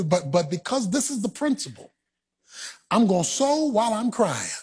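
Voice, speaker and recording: A male pastor delivering a fervent sermon, shouting and half-singing his lines in a husky voice. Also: high-pitched, very animated, moderate pace. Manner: shouting, preaching with sung cadence.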